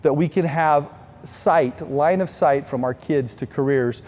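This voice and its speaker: A man's voice: on the high side, measured pace, a little mellow, in a large hall, a little hiss or hum. A middle-aged man giving an earnest, heartfelt storytelling speech at a benefit event.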